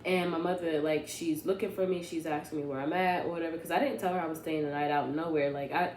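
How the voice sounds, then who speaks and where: Lower-voiced young woman telling a rambling story. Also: fast talker, slight background noise. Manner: animated, rambling, self-correcting. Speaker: vlogger. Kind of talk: casual storytime. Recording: echoey room with faint ambience.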